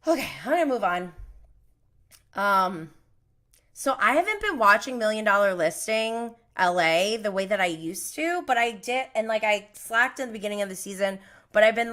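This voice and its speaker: Bright-voiced chatty woman host. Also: mid-range voice, normal speed. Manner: chatty and animated, laughs often, trails off. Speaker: podcast host. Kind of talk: casual solo recap chat.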